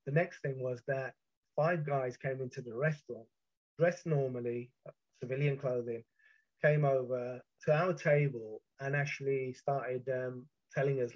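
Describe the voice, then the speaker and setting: A man's voice: mid-range voice, fairly even intonation, a little mellow. Intense British man, muffled recording. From Britain. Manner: intense, halting, with repeated restarts. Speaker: storyteller. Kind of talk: first-person account of a past ordeal.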